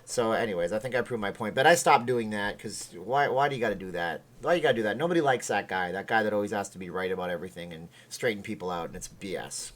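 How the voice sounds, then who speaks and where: A man's voice: fairly low pitch, expressive, fast talker, few pauses, a bit bright. A man from Canada hosting a casual livestream, tired and chatting in a rambling, joking way. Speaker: livestream host.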